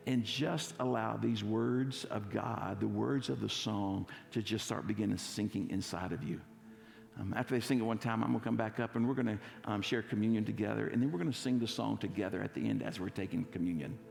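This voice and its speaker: A man's voice: lowish voice, darkish tone. A man preaching a sermon as pastor, playfully coaxing his congregation to recite a verse with him. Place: church sanctuary. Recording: gravelly voice with long church hall reverb.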